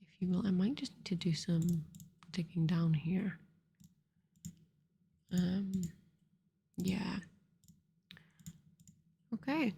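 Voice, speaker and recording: A woman host giving soft-spoken ASMR commentary over a card game, rambling to herself in a whisper close to the microphone. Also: on the low side, slow, gravelly, pauses often, breathy edge. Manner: softly whispered, rambling self-talk. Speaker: ASMR gaming channel host.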